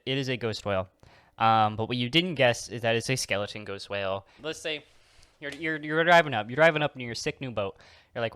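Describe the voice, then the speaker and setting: A man's voice: medium pitch, a little fast, fairly bright tone, smooth, no echo, clean studio sound. A man giving a casual, comedic countdown as a video creator. He rambles, restarts his sentences and swears casually, and he acts out little scenes in quoted voices.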